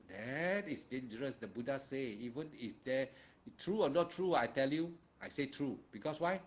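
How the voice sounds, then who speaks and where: A man with a Malaysian English accent gives meditation instructions in a loose, conversational teaching manner. He repeats key words for emphasis and sprinkles his speech with local particles. His pitch sits in an ordinary middle range for a man. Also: animated, normal speed.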